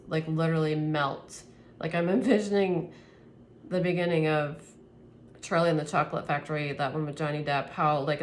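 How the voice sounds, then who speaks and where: A woman reads tarot for her viewers in a low voice, earnest and easily moved, laughing now and then. She rambles and restarts her sentences. A faint hiss of noise sits behind her. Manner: earnest, emotional, laughs often. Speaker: tarot reader. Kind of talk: spiritual tarot reading to camera.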